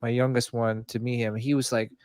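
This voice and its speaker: A man hosting a podcast in casual chat, animated and laughing as he tells stories. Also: medium pitch, fairly quick, clean tone, no room sound, studio quality. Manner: animated, laughs and puts on voices while telling stories. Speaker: podcast host.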